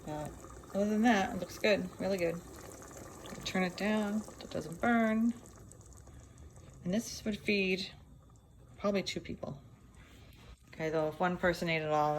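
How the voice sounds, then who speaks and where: A woman's voice: mid-range voice, unhurried, long pauses, fairly bright tone. A woman giving a casual cooking demo in a kitchen, chatting as she goes. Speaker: cooking teacher. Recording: noisy kitchen with clattering dishes. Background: pots and dishes clattering.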